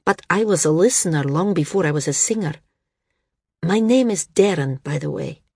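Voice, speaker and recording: A woman's voice: on the low side, lively intonation, moderate pace, darkish tone, husky, no room sound, clean studio sound. A woman reading the part of a young male singer who is eager, earnest and a bit stubborn.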